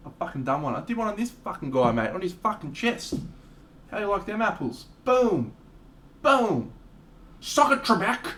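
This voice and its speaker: A man's voice: high voice, fast talker. A young man chatting casually to viewers on a live stream while he paints, swearing now and then. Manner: relaxed, swears, chats with viewers, bursts into sung lines and silly voices. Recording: voice a bit off-mic with faint background hum.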